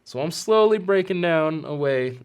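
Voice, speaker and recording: A man hosting a podcast, speaking earnestly and emotionally in a heartfelt personal monologue, his voice softening and catching at times. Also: on the high side, lively intonation, moderate pace, clean tone. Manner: earnest and emotional, often choked up. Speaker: podcast host.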